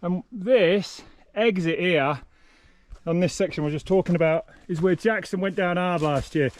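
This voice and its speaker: An excitable man with a slightly high voice walks a bike course outdoors, swearing and gasping at what he sees. He talks bluntly and casually as the host. Faint outdoor noise sits behind him. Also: moderate pace. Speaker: host walking a race course.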